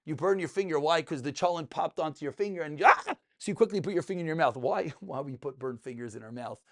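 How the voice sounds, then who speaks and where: A man teaching a lively Talmud class to students in a room, asking and answering his own questions and joking along the way. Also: fairly high pitch, fast. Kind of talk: lively spoken Torah class.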